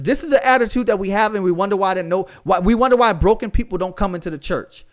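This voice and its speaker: Young southern guy preaching hard, kinda high voice, talks like he's chatting with the crowd. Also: fast, hardly any pauses. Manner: fervent, conversational preaching with slang asides. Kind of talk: podcast sermon.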